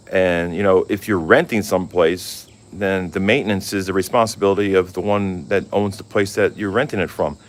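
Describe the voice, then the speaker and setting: A man's voice: low voice, a bit bright. A middle-aged man vlogging in a casual, candid chat, rambling with lots of fillers. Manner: rambling, candid, full of "you know" fillers.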